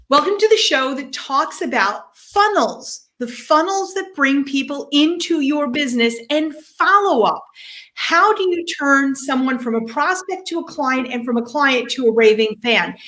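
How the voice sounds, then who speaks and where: A woman's voice: high-pitched, lively intonation, a little slow, fairly bright tone. Playful woman co-hosting a live show. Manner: playful, joking asides. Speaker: podcast co-host. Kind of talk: lively live-show introduction. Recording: slightly echoey call audio.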